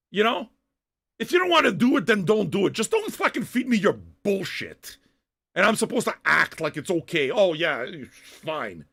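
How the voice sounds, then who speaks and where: Older male stream host, high raspy voice, very animated, profane shouty ranting. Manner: loud, swearing, half-shouting tirades. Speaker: livestream host reacting to music. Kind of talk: profane rant at chat viewers.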